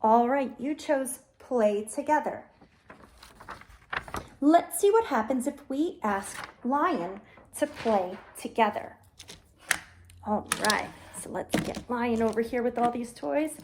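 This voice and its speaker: Patient woman teacher for a kids' lesson, high and animated, unhurried. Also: a little hiss or hum. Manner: gentle, patient, instructive. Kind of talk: children's lesson with toys.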